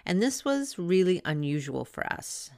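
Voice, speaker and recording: A woman's voice: on the low side, sing-song, moderate pace, mellow, no room sound, clean studio sound. A woman in her thirties, a doula hosting a podcast, telling her own birth story in a candid, chatty and blunt way. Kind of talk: casual personal storytelling.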